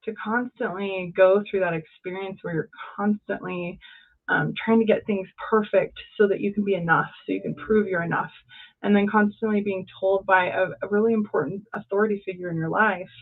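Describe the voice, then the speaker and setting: A woman's voice: medium pitch, steady tone, a little fast. A woman life coach speaking as an interview guest, earnest and encouraging, in short phrases over a remote call. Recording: tinny phone-like line.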